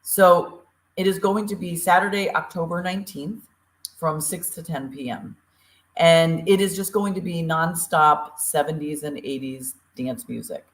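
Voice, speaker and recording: A woman's voice: low-pitched, measured pace, echoey room. A woman co-hosting a talk show, chatty and upbeat with lots of fillers, from Eastern Tennessee. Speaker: podcast co-host. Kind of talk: casual show opening and announcements.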